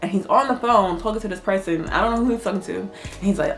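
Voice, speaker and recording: Woman vlogger telling a storytime, lively and sweary, laughs a lot, faint music behind. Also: medium pitch, fast. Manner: animated, swears freely, laughs often. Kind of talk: casual storytime.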